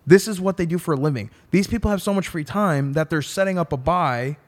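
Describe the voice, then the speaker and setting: A man's voice: fairly high pitch, a little fast. A man who is a defense attorney, telling a story in a casual podcast chat with emphatic, profane language.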